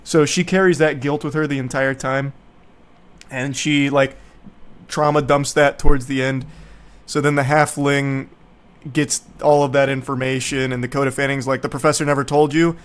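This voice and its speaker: A man's voice: medium pitch, flat delivery, normal speed, clear, resonant tone. A man from the United States, a streamer, ranting about a movie in a casual, sarcastic and profane way. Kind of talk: casual movie review rant.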